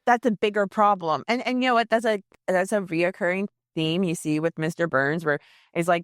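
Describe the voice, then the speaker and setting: A woman co-hosting a podcast, chatting casually and chiming in with quick agreement. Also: lowish voice, animated, dry recording, clean studio sound. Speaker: podcast co-host. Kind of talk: casual chat.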